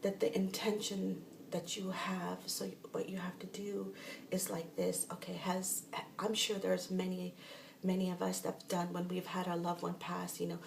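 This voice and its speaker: Woman, casual spiritual teacher, rambling delivery, voice with a bit of fry, roomy echo and faint background noise. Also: fairly low pitch, level tone, normal speed, darkish tone, far from the mic. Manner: rambling, restarting sentences. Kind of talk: casual guided instruction.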